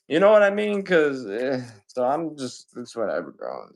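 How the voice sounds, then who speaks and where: A man at an ordinary, middling pitch hosts a live sale of video games. He talks in a loose, casual way, swears freely and rattles off greetings to viewers between items. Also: sing-song, darkish tone. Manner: loose and profane, greets viewers rapid-fire. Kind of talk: casual live-selling chat.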